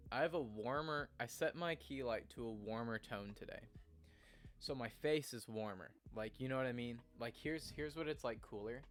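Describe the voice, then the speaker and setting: A young man streaming from his room at home, talking in an earnest, rambling way and laughing at himself as he goes. His voice sits in an ordinary middle pitch. Soft guitar music plays faintly behind him. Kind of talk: casual morning stream chat.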